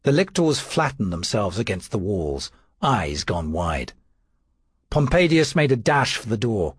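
A man's voice: lowish voice, sing-song, unhurried, breathy edge, no room sound. Dry, wry male audiobook narrator.

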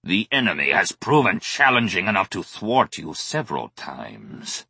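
A man voicing a stern, zealous alien war master who speaks in a commanding, measured way in an audiobook. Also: low voice, huge pitch swings, sharp tone, husky, no echo, exaggerated voice.

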